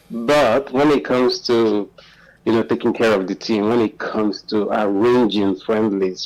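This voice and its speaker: A man's voice: lowish voice, darkish tone, low-quality recording. A man from Nigeria calling in to a football talk show, passionate and emphatic. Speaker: caller. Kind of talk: phone-in football commentary.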